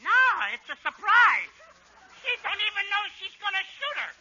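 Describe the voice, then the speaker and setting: A man doing a bratty high-voiced little boy. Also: very animated, pushed and bright, a little hiss or hum, exaggerated voice. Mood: cheeky. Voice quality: high childlike voice. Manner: cheeky, drawn-out wisecracks. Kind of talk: 1940s radio comedy acting. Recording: dull 1940s radio broadcast.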